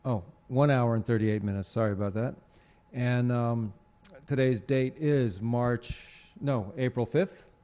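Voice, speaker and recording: Guy hosting a local tv show in a studio, warm low-key voice, lots of ums and restarts, just rambling. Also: steady tone. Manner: halting, rambling, many fillers and restarts. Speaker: host of a local cable show. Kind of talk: unscripted studio monologue. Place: TV studio with green screen.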